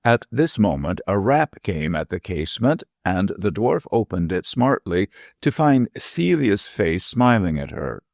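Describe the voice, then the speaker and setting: A man narrating an audiobook in a measured storytelling manner. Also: low voice, big pitch swings, gravelly, darkish tone, no echo, studio quality. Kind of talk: scripted narration.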